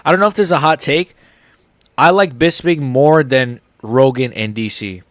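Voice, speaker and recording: A man's voice: medium pitch, unhurried, fairly bright tone, dry recording. A young American man hosting a live stream, reacting to fights in a rambling, casual, jokey way.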